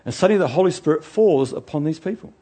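A man preaching a sermon in an animated way, swinging from loud outbursts to quiet asides, chatty and joking at his own expense. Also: a little high, fast talker, slightly rough. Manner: chatty, self-mocking and joking.

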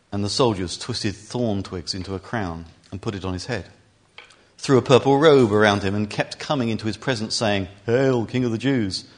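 A man reading a scripture passage aloud as scripted narration, in clear, even storytelling. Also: on the low side. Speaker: reader.

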